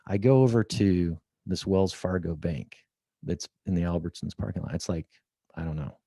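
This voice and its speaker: This middle-aged podcast guest's voice is low, gravelly, and husky, moving at a moderate pace on a dry recording. He tells a lively story from an office at company headquarters, acting out the quoted lines.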